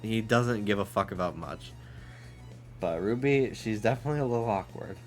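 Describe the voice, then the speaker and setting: A man streaming a game from his home office, chatting casually, swearing freely and cooing to his dog in high baby talk. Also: moderate pace, soft background music.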